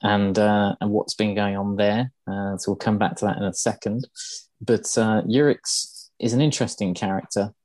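A man's voice: fairly low pitch, fairly even intonation, moderate pace, a little mellow, no echo. A man hosting a podcast, casually explaining game lore with many ums and uhs. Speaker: podcast host.

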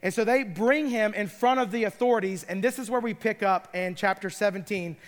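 A man's voice: sits high, brisk, in a large hall. A middle-aged man preaching a sermon, retelling scripture stories with playful asides. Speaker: pastor.

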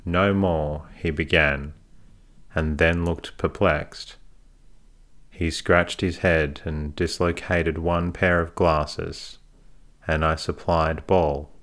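A man narrating a first-person story as an audiobook, in a measured, unhurried way. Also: rumbling low, little pitch movement, a bit bright.

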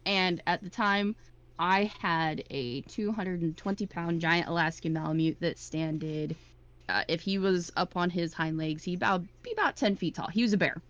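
A woman telling a story in casual chat, chatty and animated. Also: fairly low pitch, moderate pace. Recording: dull lo-fi recording.

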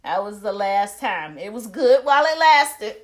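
A woman's voice: mid-range voice, very animated, measured pace, slight background noise. A woman co-hosting a podcast, telling a story in blunt, profane casual chat. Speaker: podcast co-host.

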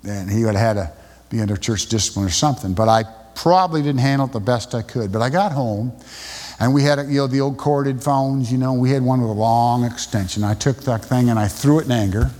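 A man preaches in a mid-pitched voice, retelling stories in a halting way with frequent restarts. His voice carries a long reverb, as in a church sanctuary. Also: a little mellow. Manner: halting storytelling with many restarts. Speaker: pastor. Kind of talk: sermon. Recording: long reverb in a large hall.

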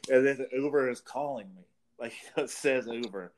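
On a talk show, a medium-pitched man who co-hosts a podcast rambles through a lengthy story at normal speed, cursing casually and laughing along the way.

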